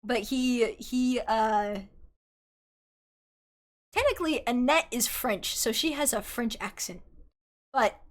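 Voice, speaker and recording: A young woman chatting casually on a livestream while drawing, rambling excitedly, swearing and yelling at her chat. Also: fairly high pitch, takes it slowly, pauses often. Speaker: artist streamer.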